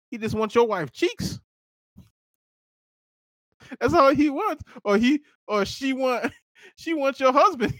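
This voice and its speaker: A man co-hosting a podcast, telling a wild comic story in a loose, profane way, laughing often and jumping into squeaky high voices. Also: a bit bright, dry recording. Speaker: podcast co-host. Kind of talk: casual comedic storytelling.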